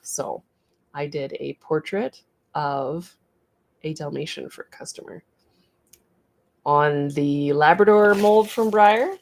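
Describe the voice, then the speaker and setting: Woman, middle-aged, slightly low voice, casual livestream host, chatty, rambling. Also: slow pace, long pauses. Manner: chatty and rambling, reading out viewer comments. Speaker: artist hosting a studio livestream.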